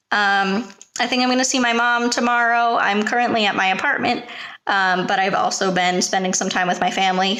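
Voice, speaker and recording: A woman's voice: mid-range voice, pushed and bright. A young woman, a preschool teacher, talking casually to camera from her apartment, chatty and hesitant and full of fillers. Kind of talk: casual vlog chat.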